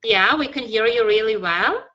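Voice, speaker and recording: A woman's voice: a little high, expressive, normal speed, muffled recording. A woman teaching an online English lesson over a video call, encouraging students and patiently correcting them.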